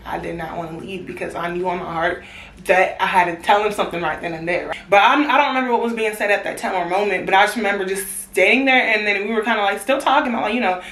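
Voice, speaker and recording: A young woman in a casual storytime vlog, animated and slangy, swearing and laughing often. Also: medium pitch. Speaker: vlogger. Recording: roomy echo.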